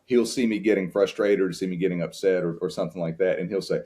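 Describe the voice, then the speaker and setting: A very deep-voiced man speaks as a podcast guest, earnest and open as he reflects on fatherhood. His talk is warm in content but plain, full of restarts as he searches for words. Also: fairly quick, hardly any pauses. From United States. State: tearing up at times.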